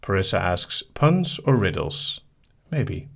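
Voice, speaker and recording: A man hosting a live hypnosis stream, casually reading viewer questions aloud and answering them in a soft, easygoing way. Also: sits low, very animated, slow, vocal fry. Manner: soft-spoken, easygoing, reads each question aloud then answers briefly.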